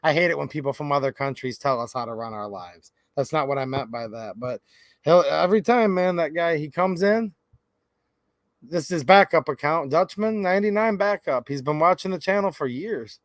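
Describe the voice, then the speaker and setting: A man's voice: on the high side, lively intonation, normal speed, no room sound. A man hosting a casual livestream, greeting viewers by name in a chatty, upbeat way and calling them man and dude. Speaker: livestream host.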